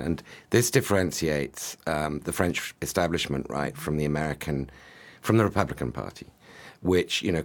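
Deep-voiced man, measured analysis. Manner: measured, hedging with ums. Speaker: podcast guest commentator. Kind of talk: casual political analysis.

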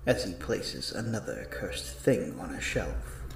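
A man's voice: low voice, big pitch swings, slow pace, creaky, roomy sound, noisy background. Man narrating a rhyming holiday tale. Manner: playful, sing-song storyteller with soft whispered asides.

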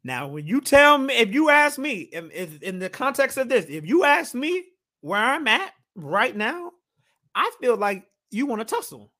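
Male podcast co-host, casual, animated storyteller who laughs a lot. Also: extremely high pitch, moderate pace. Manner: animated, laughing while retelling. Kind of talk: casual chat.

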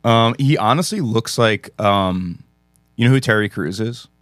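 A man's voice: fairly low pitch, measured pace, no echo, studio quality. A man co-hosting a podcast in casual chat, profane and joking as he riffs on pop culture. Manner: profane, joking, animated riffing. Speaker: podcast co-host.

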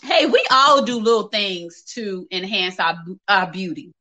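A woman's voice: mid-range voice, expressive, measured pace, pushed and bright, low-quality recording. A woman hosting a casual livestream, reading viewer comments and talking candidly and directly to her viewers, laughing often. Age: adult, working age.

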